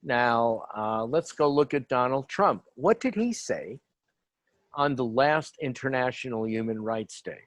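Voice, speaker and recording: A man's voice: mid-range voice, animated, measured pace, dry recording. Rambling man giving a panel talk. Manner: rambling, many fillers and asides. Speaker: panel speaker on human rights. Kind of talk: informal talk, lecturing.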